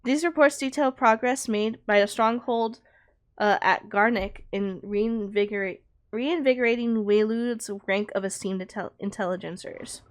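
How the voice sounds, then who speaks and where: A woman's voice: a little high, moderate pace. A young woman streaming a video game, chatting casually and reading in-game text aloud, often correcting herself and laughing.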